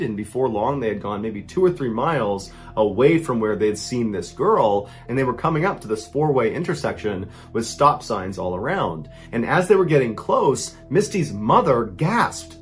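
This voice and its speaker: A man narrating a true scary story, dropping to a hush for tense moments and rising high for panicked quotes.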